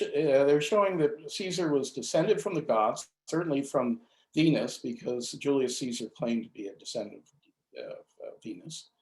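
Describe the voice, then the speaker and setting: A man's voice: a little high, a little mellow, echoey room. An older man giving a history talk to a club, hesitant, with many fillers and restarts. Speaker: invited speaker.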